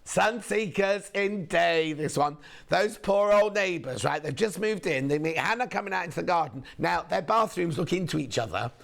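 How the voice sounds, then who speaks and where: A hoarse man presenting on a shopping channel, chatting in a gossipy, rambling way between sales points. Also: sits high, animated, normal speed, hardly any pauses, a bit bright. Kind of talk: casual live sales chat.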